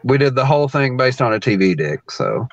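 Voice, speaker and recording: A man, a pro wrestler guest, telling a story in a loose, animated way, laughing often and acting out the lines of the people in it. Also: medium pitch, brisk, lo-fi sound. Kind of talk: casual storytelling.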